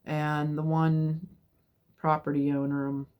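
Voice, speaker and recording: Lower-voiced woman telling a story animatedly. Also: slow pace, clean tone, highs cut off. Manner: animated, drops to whispers for suspense. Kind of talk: casual personal storytelling.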